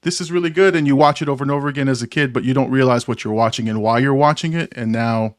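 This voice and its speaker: A man's voice: medium pitch, quick pace, no room sound, clean studio sound. A man in his forties hosting a casual movie chat, rambling and self-deprecating, laughing often. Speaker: podcast host.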